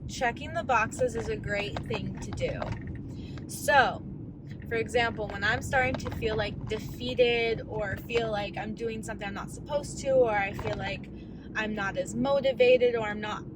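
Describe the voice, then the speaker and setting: A woman's voice: on the high side, steady tone, measured pace, background noise. A woman in her thirties in a casual, candid vlog rant, rambling as she coaches herself through her thoughts. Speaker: vlogger.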